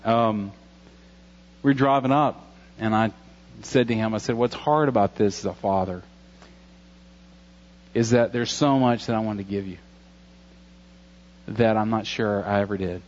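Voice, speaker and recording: A man's voice: fairly low pitch, unhurried, long pauses, lo-fi sound. Earnest man in his forties preaching. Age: 40s. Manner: earnest, conversational preaching with jokes. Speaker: pastor. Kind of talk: sermon.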